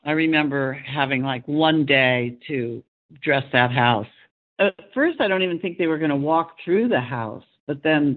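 A man's voice: a little high, lively intonation, unhurried. A man, a set decorator, recalling a hectic shoot in an interview. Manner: reflective, recalling. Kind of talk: interview recollection. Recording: tinny phone-like line.

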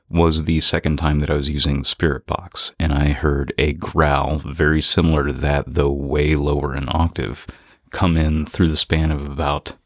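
Very deep-voiced man explaining research. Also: dry recording, clean studio sound. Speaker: paranormal investigator. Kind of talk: explanatory narration.

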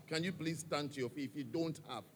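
Speaking to a church gathering, a man with an African accent talks briskly in a fairly high, husky voice. He coaxes his listeners directly, putting many questions to them.

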